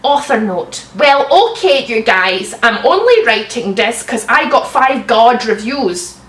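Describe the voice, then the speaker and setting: A woman's voice: a little high, expressive, unhurried, a bit bright. A young woman reading bad fanfiction aloud and breaking off for sarcastic, swearing asides. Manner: sarcastic, swears, bursts into laughter. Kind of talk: comic dramatic reading with mocking asides. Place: room at home. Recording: roomy sound, slightly distant mic.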